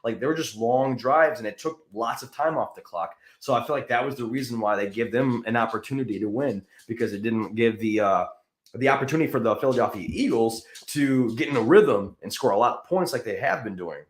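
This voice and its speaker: Male sports podcast host, casual and rambling, mid-pitched, echoey room. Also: a little fast. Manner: rambling, lots of fillers and restarts.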